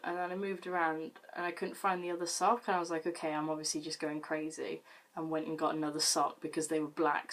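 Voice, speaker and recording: A girl, casually telling funny stories about herself to camera, chatty and self-mocking, swearing freely. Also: lowish voice. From Britain. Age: late teens. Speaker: vlogger.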